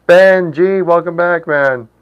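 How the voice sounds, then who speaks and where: A man's voice: high voice, smooth, dull audio. A man in his thirties hosting a casual livestream, chatting with viewers, laughing often and stumbling through foreign words. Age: 30s. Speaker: livestream host.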